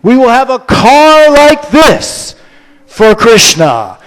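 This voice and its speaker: Male storyteller playing an elderly guru, calm and teasing, slow deliberate lines, higher-pitched than usual for a man. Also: clear, resonant tone, in a large hall, heavily acted, low-quality recording. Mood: grand.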